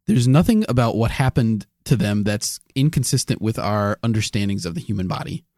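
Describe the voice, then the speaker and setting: Lively-pitched male podcast co-host. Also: dry recording, clean studio sound. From United States. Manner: reasoned, halting restarts, laughing. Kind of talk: casual chat.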